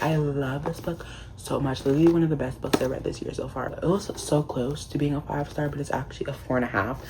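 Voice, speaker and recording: A man's voice: mid-range voice, darkish tone, slight background noise. Gushing man reviewing books casually. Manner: gushing, constant "like" fillers. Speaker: book reviewer. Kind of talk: casual book review vlog.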